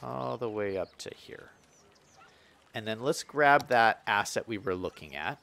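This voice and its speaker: A man's voice: lowish voice, measured pace, vocal fry. A young man streaming a city-building game, chatting casually and reading viewer comments aloud with lots of fillers and restarts. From Western United States. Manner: chatty, lively, reads chat aloud with frequent fillers.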